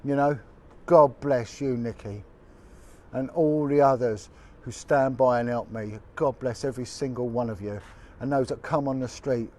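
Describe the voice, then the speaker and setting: A man's voice: medium pitch, normal speed, a little mellow. A man, a former detective giving a blunt, indignant, colloquial video update. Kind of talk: impassioned direct-to-camera update.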